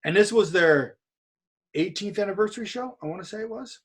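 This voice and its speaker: A man's voice: high-pitched, a little fast, husky. A man from California telling a story in a casual podcast chat, acting out what other people said. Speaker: podcast guest.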